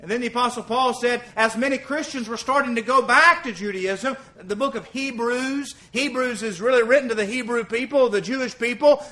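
A man's voice: very high-pitched, fairly quick, hardly any pauses, sharp tone. A man preaching an evening sermon in church, earnestly quoting scripture and putting rhetorical questions to the congregation.

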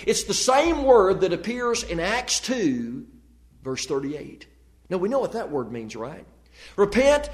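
A man preaching a sermon, reading scripture aloud in a measured, deliberate way with emphatic pauses. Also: sits high.

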